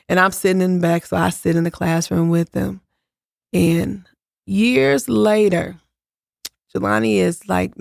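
A middle-aged woman, a guest on an interview show, tells family stories in a casual, animated way. Her voice has a gravelly edge, and she lifts her pitch sharply whenever she acts out what someone said. The recording is close and dry. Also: dry recording. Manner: animated storyteller acting out quotes in higher voices. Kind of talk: casual storytelling.

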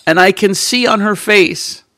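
A man's voice: sits high, a little slow, dry recording. A man in casual chat, telling a funny story with lots of laughter. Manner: animated storyteller who laughs often.

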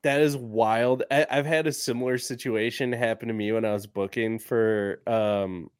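A man's voice: medium pitch, steady tone, normal speed, smooth, no echo, studio quality. A man co-hosting a podcast, chatting casually with laid-back remarks. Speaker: podcast co-host. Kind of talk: casual chat.

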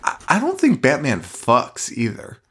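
A male podcast co-host riffing in crude casual banter, his pitch rising and falling freely. He swears casually and breaks into laughter often, with a middle-range voice. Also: huge pitch swings, measured pace, a bit bright, husky.

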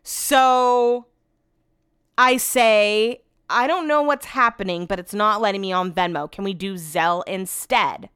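Woman, podcast host, casual rambling storyteller, swears freely, smooth clear voice, dry close sound. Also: mid-range voice, measured pace, dry recording. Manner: rambling and animated, many "like"s and frank swearing.

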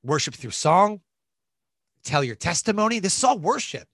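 Middle-aged male guest, animated storyteller, bright voice, dry recording. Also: sits high, normal speed, slightly rough, no echo. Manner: animated, laughs and quotes people in lively voices. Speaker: podcast guest. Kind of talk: storytelling in a casual interview.

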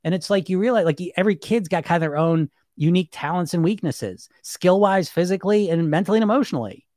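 Animated man coaching in a dry, close sound. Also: sits high, fast, no room sound. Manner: animated, conversational, acts out inner voices. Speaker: weight-loss coach. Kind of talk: casual coaching talk.

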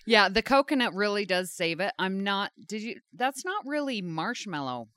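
An American woman chatting casually as a podcast co-host, talkative and quick to laugh. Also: mid-range voice. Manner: chatty, animated, laughs easily. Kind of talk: casual chat.

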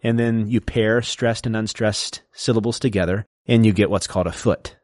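Low-voiced man explaining poetry. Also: fairly even intonation, darkish tone, no room sound, clean studio sound. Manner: lecturing, recites verse slowly to show stress. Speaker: podcast co-host explaining poetry. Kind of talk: casual explanatory chat.

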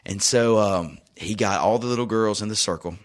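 This man, a youth soccer coach, co-hosts a casual chat and tells a story full of lively, acted-out quotes. He's an animated storyteller who performs the voices he's quoting. His pitch is fairly low and he talks at a normal speed.

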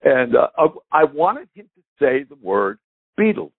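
An older man, a guest drummer, telling lively anecdotes with a raspy voice and frequent chuckles, heard over call audio. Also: mid-range voice, measured pace, no echo, narrow, tinny audio. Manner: lively storyteller who chuckles often.

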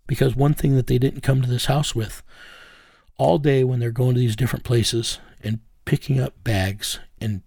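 Gravelly man telling a casual true story. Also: medium pitch, steady tone, normal speed, warm tone, no echo. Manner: plain-spoken, drawling, folksy phrasing. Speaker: investigator recounting a case. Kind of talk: casual first-person storytelling.

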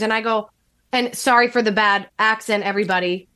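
A woman telling a personal story on a podcast in casual chat, animated, acting out the quoted lines. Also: fairly quick, clear, resonant tone. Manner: animated, acts out quotes with shifting pitch. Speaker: podcast guest.

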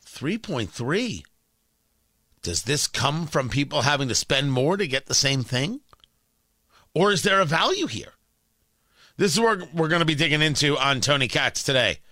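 A man hosting a morning talk radio show, delivering an animated, wry monologue with rambling asides from a studio microphone. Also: a little high, dry recording.

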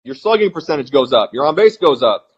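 A man in his forties, a retired ballplayer, telling blunt and animated stories as a podcast guest. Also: medium pitch, husky, lo-fi sound. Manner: blunt, animated, fast-flowing anecdotes. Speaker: retired baseball player, guest. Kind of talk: podcast interview storytelling.

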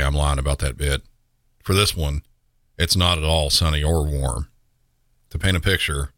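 Man, very low voice, dry wry podcast narrator, dead close mic. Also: a bit bright, no echo. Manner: wry, dry-humored asides. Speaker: podcast host narrating police incidents. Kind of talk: scripted narration.

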